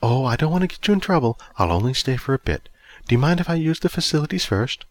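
A man voicing a gentle old homeless woman who speaks softly and sweetly in a storybook reading. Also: medium pitch, sing-song, fast talker, pitched above the performer's own voice, close to an everyday voice. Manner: soft and sweet-spoken.

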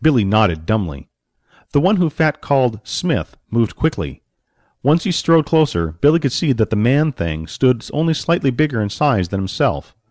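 A man narrating an audiobook story with expressive storytelling and varied pacing. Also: mid-range voice, normal speed, no echo, studio quality.

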